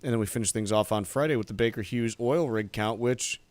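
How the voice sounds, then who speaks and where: A man's voice: lowish voice, a little fast, darkish tone, no room sound. Man, radio co-host, casual market chat, dry humor, close dry sound.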